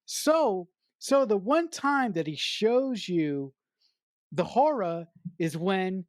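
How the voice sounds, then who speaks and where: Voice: mid-range voice, sing-song, slow pace, no echo, studio quality. A podcast co-host in casual film review chat, enthusiastically analysing a director's choices with emphatic praise.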